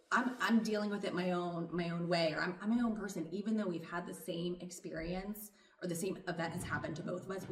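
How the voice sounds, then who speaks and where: A woman's voice: on the low side, echoey room, far from the mic, a little hiss or hum. A woman therapist, a guest on a podcast, speaking in reassuring, casual conversation and laughing easily. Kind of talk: casual chat.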